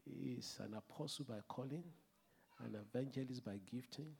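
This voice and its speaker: A man's voice: medium pitch, moderate pace, creaky, a little mellow, a little hiss or hum. A man preaching and hosting in a church sanctuary, fervent and conversational as he introduces a guest. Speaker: host pastor.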